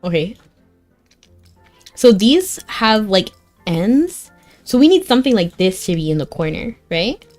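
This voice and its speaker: Streaming a fantasy game, a young woman chats casually over faint music, her mid-range voice swinging widely in pitch. She speaks at a measured pace with long pauses and a slightly mellow tone, dropping "like" constantly and reacting emotionally as the story unfolds.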